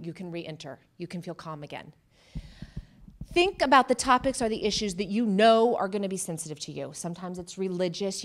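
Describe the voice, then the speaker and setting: Female therapist, workshop presenter, mid-pitched, animated, conversational, mimics quoted remarks. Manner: conversational, with direct questions to the audience. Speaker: cancer psychotherapist.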